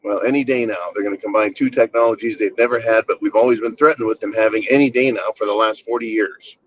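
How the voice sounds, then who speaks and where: Speaking fast in a steady, fairly low voice, an American channel host rants through a commentary monologue, blunt, sarcastic and full of profanity. The sound is slightly dull and lo-fi, carrying a little hiss or hum.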